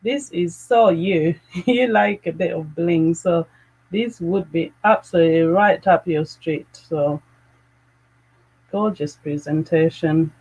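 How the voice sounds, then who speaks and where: A woman hosting a live fragrance chat, gushing with excitement and greeting viewers by name. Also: on the low side, slow pace, husky, poor audio. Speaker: fragrance channel host.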